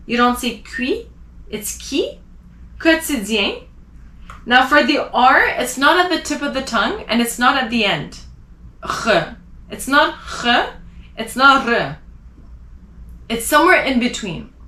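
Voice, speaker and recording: A woman teaching a language lesson, slowly drilling pronunciation of example words and explaining each one carefully. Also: high voice, pushed and bright, roomy sound. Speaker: French teacher.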